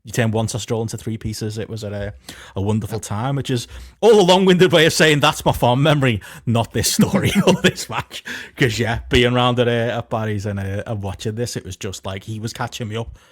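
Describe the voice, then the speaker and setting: A man's voice: medium pitch, fairly quick, no echo, clean studio sound. A man in his thirties co-hosting a podcast, telling rambling anecdotes with laughing asides. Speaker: podcast co-host. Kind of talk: casual podcast chat.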